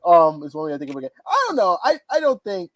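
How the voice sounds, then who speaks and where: A man's voice: high-pitched, sing-song, fast talker, no echo. A man in a casual movie chat, telling scenes animatedly and swearing freely. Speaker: podcast co-host.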